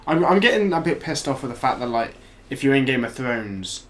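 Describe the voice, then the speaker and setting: A man's voice: mid-range voice, sing-song, a little fast, a bit bright. A man co-hosting a casual podcast chat, rambling and restarting his thoughts. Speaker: podcast co-host.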